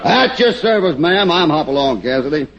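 An actor playing a courteous, folksy cowboy hero in an old radio comedy, on a hissy lo-fi recording. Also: male voice, on the high side, big pitch swings, normal speed, vocal fry. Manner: polite, folksy. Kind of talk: 1940s radio comedy acting.

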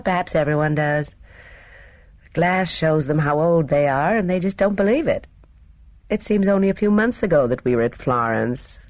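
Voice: mid-range voice, no room sound, voice pushed up, close to an everyday voice. A reader voicing a sweet-voiced, affectionate elderly lady in an audiobook. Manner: gentle, soft-spoken, breathy laughing lilt. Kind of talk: audiobook character reading.

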